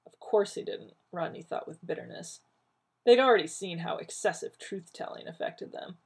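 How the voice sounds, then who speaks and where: A woman reading a story aloud in an expressive way, with a creaky, husky voice. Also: fairly low pitch, normal speed. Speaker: reader.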